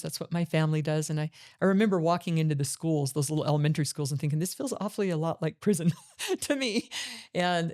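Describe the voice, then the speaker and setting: A woman's voice: low voice, darkish tone. Earnest middle-aged woman telling her story. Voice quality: earnest, reflective. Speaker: podcast host. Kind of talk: personal storytelling monologue.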